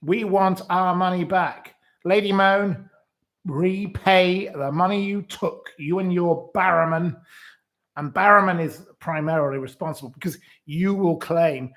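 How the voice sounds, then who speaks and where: A man hosting a solo news commentary with a fairly high voice. He talks at an unhurried, deliberate pace, and his delivery is indignant and scornful, full of insults. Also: fairly bright tone. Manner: reads out quotes and then rebuts them. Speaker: host.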